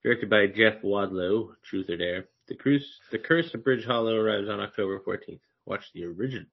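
A man's voice: lowish voice, brisk, vocal fry, husky. A man co-hosting a movie podcast, teasing his friends and reading movie news in a casual way. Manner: teasing, laughs often. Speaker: podcast co-host. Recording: dull lo-fi sound.

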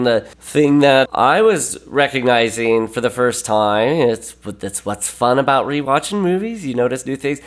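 A man talking casually as a podcast guest, rambling and animated, with many fillers and restarts. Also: mid-range voice. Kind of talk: casual film discussion.

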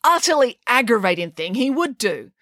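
Pompous huffy headmaster guy, woman putting him on, way up high and swinging all over, dry sound. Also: sing-song, moderate pace, fairly bright tone, dry recording. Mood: exasperated. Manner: indignant, exclaiming. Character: pompous blustering male school headmaster.

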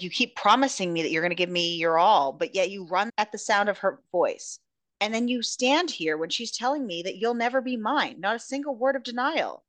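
A hurt young wife pours out her frustration in a quick, pleading voice, read by a woman recapping a book. The sound is dry. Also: medium pitch, fairly bright tone, no room sound, natural voice.

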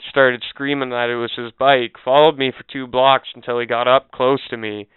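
A man's voice: medium pitch, flat delivery, normal speed, clean tone, no echo. A man co-hosting a casual podcast, telling a rambling, swearing anecdote in a laid-back way. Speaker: podcast co-host. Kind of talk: casual podcast chat, storytelling. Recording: dry, phone-like narrow sound.

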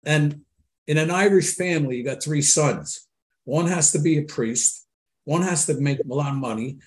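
A man's voice: a little high, moderate pace. An older man hosting an interview, telling family stories in a folksy, anecdotal way. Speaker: host. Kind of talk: casual interview talk.

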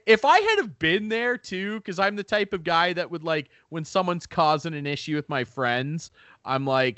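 A man co-hosting a casual podcast, spinning a profane, animated story. His voice sits a little high and jumps around a lot in pitch. The sound is dry and close. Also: normal speed, no echo. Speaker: podcast co-host. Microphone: remote call mic.

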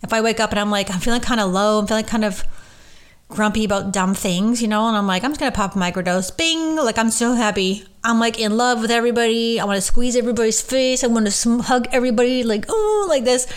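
A woman's voice: on the high side, steady tone, fast, clear, resonant tone. A woman who works as a medium, hosting a casual solo podcast and talking in a gushing, rambling way full of fillers.

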